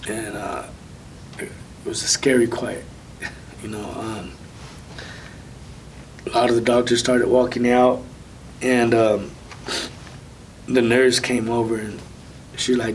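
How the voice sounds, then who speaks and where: A man casually recounting a personal story of faith as an interview guest, soft-spoken with light nervous laughs. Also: steady tone, a little slow, long pauses. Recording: distant mic with faint low rumble.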